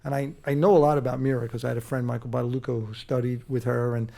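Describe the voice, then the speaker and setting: A man being interviewed on stage as a guest actor, talking in a halting way with many restarts and fillers. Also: medium pitch, flat delivery, creaky, dark tone. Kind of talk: casual interview on a live stage. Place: theater stage before a live audience.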